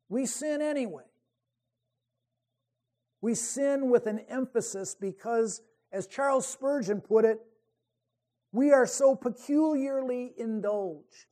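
Here a man with a very high, dark-toned voice preaches through the Bible one verse at a time. He comes across as earnest, often going back to restart phrases while reading scripture.

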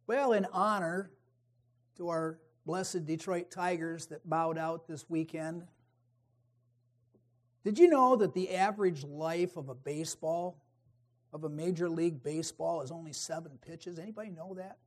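High-voiced, slow, emphatic male preacher. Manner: emphatic, rising to forceful peaks then dropping to quiet asides. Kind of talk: sermon.

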